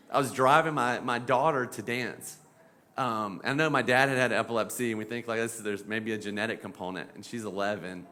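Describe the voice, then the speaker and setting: A middle-aged man and pediatric epilepsy doctor, talking casually on a panel, animated and full of fillers, now and then mimicking voices. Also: medium pitch. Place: event panel.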